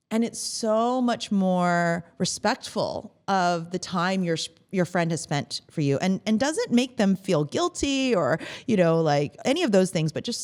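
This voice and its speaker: A woman's voice: mid-range voice, measured pace, few pauses. A woman hosting a motivational podcast, talking casually and acting out everyday phrases in a lifted voice. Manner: animated, acts out quoted phrases in a lifted voice. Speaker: podcast host.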